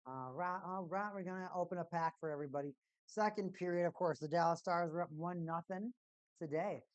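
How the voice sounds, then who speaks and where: Chatty woman streamer, low dry voice. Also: a little fast, no echo. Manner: chatty, repeats catchphrases in excited bursts. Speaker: live-stream host. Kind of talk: casual live-stream chat. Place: at home.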